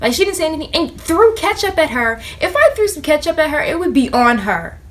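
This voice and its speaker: A young woman vlogger in casual storytime chat, animated and slangy as she talks straight to her viewers. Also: high-pitched, brisk. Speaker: vlogger telling a work story.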